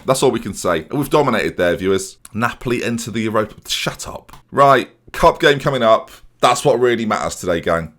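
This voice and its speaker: Young man, lowish voice, lively pitch swings, mock sports commentator, game commentary, keeps addressing viewers. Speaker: gaming YouTuber. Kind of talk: playing football-management video game with commentary.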